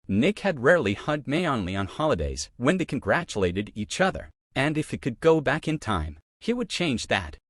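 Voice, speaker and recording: A man narrating a love story with an expressive, emotional reading. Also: fairly low pitch, no room sound, clean studio sound.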